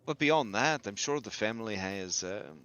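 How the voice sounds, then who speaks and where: A man voicing a grave, measured townswoman. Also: fairly low pitch, lively intonation, a bit bright, clean tone, no echo, lo-fi sound. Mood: confiding. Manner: grave, deliberate warnings. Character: wary older woman innkeeper, sober and measured.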